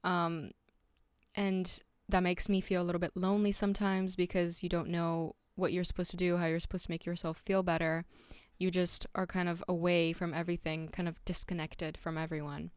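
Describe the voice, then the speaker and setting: A woman's voice: on the low side, level tone, normal speed, clean tone, no room sound. A young woman hosting her own podcast, talking casually and candidly to the listener, with lots of "like" and "um" and frequent restarts. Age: young adult. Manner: candid and reflective. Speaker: podcast host. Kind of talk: casual solo podcast monologue.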